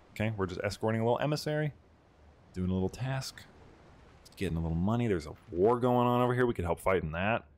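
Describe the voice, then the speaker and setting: A man chatting casually over his gameplay, excitable and slangy, with quick asides to his viewers. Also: fairly low pitch. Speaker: gameplay streamer.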